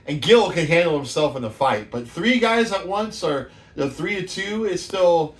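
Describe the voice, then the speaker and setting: A man in his fifties from the San Francisco Bay Area tells rambling stories with a lot of swearing. His voice sits a bit high for a man. He often laughs at his own tales. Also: animated, normal speed, hardly any pauses. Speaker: show host. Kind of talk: casual storytelling monologue.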